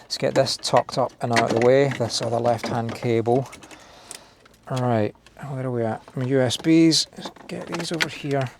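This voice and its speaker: A Scottish man with a creaky, mid-range voice hosts a DIY car video, chatting casually and poking fun at himself while working inside a parked car. He thinks aloud through a relaxed install walkthrough, with slight background noise.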